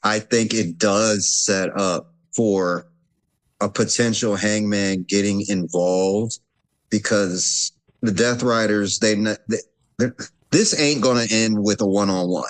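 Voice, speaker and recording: A man's voice: fairly low pitch, slow. A man appearing as a podcast guest, chatting in an earnest, reflective way. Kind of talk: casual chat.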